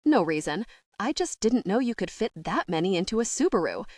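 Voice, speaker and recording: Woman narrator playing a theatrical gay uncle, arch and quippy, animated. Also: mid-range voice, a little fast, no room sound, studio quality. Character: theatrical vain middle-aged gay uncle.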